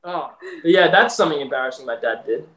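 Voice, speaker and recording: Young Australian man, podcast co-host, rambling storyteller, high-pitched, echoey room. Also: lively intonation, fast talker, a bit bright. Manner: storytelling with many fillers and laughs. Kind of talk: casual chat. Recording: roomy echo.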